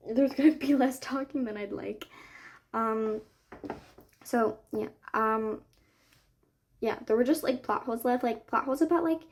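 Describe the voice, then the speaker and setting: Young female book vlogger, slightly high voice, gushing, rambling casual chat. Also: darkish tone, a little hiss or hum. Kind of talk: casual chat while making a digital journal.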